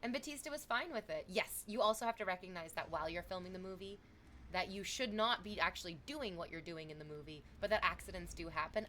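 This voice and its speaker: A young adult woman livestreaming, chatting casually with viewers, thanking subscribers and reading chat messages aloud in an animated way. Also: lowish voice, slight background noise.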